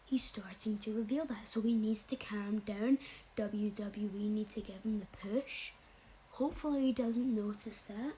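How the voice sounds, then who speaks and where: A woman's voice: mid-range voice, measured pace, warm tone, a little hiss or hum, low-quality recording. A young woman casually rambling through wrestling predictions, often sliding into a whisper, blunt and offhand. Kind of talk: casual chat.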